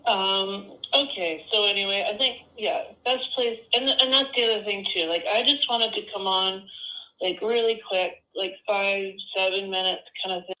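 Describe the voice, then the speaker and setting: A woman speaking haltingly and emotionally in a played-back clip, often pausing and apologizing. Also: mid-range voice, bright, forceful tone. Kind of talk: emotional personal statement. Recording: roomy echoey clip.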